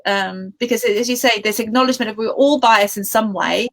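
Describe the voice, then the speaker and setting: A woman's voice: fairly high pitch, fairly quick. A woman interviewer who thinks aloud, often restarting her sentences. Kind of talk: conversational interview.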